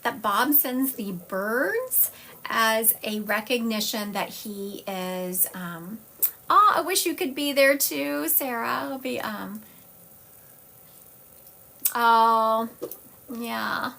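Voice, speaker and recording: A woman psychic medium talks through a live-stream reading from home, chatty and wandering into side stories. Her voice sits fairly high, and a faint hiss runs under the phone recording. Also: lively intonation, extremely slow, creaky, long pauses, bright, forceful tone. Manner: chatty, digressive, jumps between stories.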